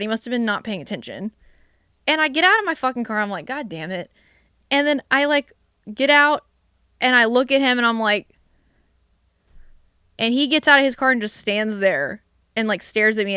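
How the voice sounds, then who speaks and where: A young woman co-hosting a casual podcast, telling animated, swear-filled stories full of "like"s. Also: on the high side, clean tone, no echo, studio quality. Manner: animated, profane storytelling with many "like"s. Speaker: vlogcast co-host. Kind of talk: casual chat.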